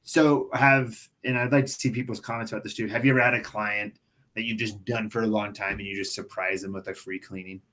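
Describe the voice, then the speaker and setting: A man who cleans windows, co-hosting a podcast in relaxed casual chat and asking his partner questions. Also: fairly low pitch, fairly quick. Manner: relaxed, asks questions, laughs along.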